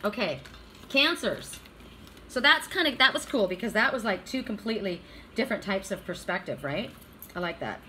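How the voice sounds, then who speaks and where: A woman's voice: mid-range voice, animated, moderate pace, pushed and bright, a little hiss or hum. A woman doing a casual weekly oracle card reading, talking bluntly, swearing freely and checking in with "right?".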